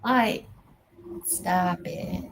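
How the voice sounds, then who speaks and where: A woman's voice: lowish voice, drawn-out words, gravelly, a little hiss or hum, poor audio. A woman in her fifties hosting a casual livestream chat, talking bluntly and scolding emphatically. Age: 50s. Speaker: livestream host.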